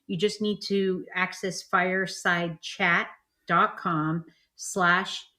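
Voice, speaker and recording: A woman's voice: on the low side, steady tone, slow, pushed and bright. A woman hosting a live chat show, gushing with enthusiasm about her upcoming guests. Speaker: host.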